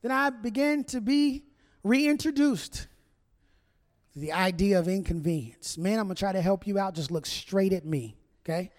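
A pastor with a high, light voice for a man, preaching a humorous sermon in a joking, chatty way. He talks straight to the congregation, teasing the men and the women in turn. His words ring out with the long reverb of a big church hall. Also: expressive, normal speed.

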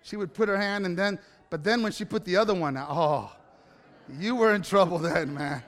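A man's voice: sits high, normal speed, fairly bright tone. A man telling a personal story to a live audience in a chatty way, often turning to ask the listeners questions. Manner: conversational, asks the audience questions. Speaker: speaker addressing an audience. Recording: reverberant hall.

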